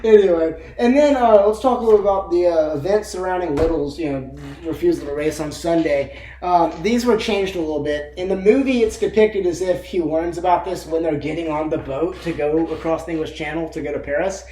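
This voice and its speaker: A man's voice: a little high, fairly quick, dark tone, reverberant, a little hiss or hum, low-quality recording. A young man co-hosting a casual movie chat, rambling with lots of fillers and frequent laughter. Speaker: co-host of a movie discussion channel.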